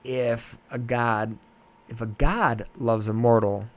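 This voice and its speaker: A man hosting a podcast, retelling a myth in rambling, animated casual chat. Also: mid-range voice, takes it slowly. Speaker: podcast host.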